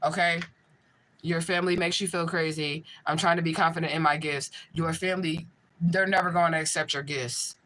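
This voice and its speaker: A woman's voice: sits low, steady tone, moderate pace, a bit bright, slight background noise, low-quality recording. A woman working as a spiritual medium, hosting a casual livestream and answering viewers' chat in a blunt, profane way.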